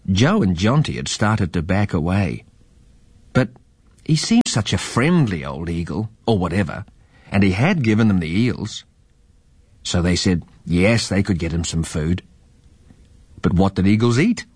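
A man reading a children's story aloud in a lively, expressive way. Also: low voice, measured pace, long pauses, husky, no room sound.

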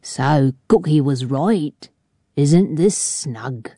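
A woman voicing a menacing, burly male ship bully with a low, rough, sneering voice. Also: takes it slowly, mellow, no echo, clean studio sound, heavily acted. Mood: mocking.

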